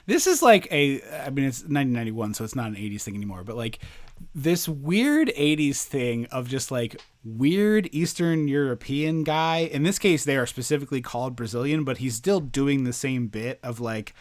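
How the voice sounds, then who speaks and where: A man co-hosting a casual movie podcast, rambling and animated, with plenty of fillers and restarts. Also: medium pitch, moderate pace. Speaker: podcast co-host.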